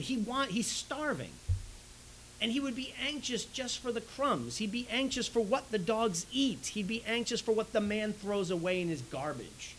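A man preaches a sermon with a slightly raised voice. He talks in an animated way, often checking in with the listeners, and a faint hiss runs under the recording. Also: sits high, normal speed, rough recording. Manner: animated, swings loud and soft, frequent "right?". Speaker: pastor.

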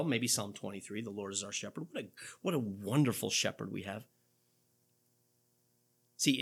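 Male pastor, sermon, lively rising-and-falling delivery, bright husky tone. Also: medium pitch. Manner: animated preaching, rhetorical questions, quoting scripture.

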